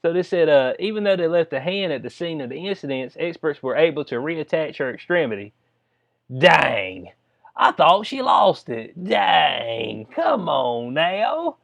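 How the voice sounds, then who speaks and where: A man's voice: a little high, sing-song, measured pace, gravelly, fairly bright tone. A man, casually reading out a news story and joking about it in a loose commentary vlog. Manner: reads news aloud, then jokes and riffs with frequent laughs. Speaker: commentary vlogger.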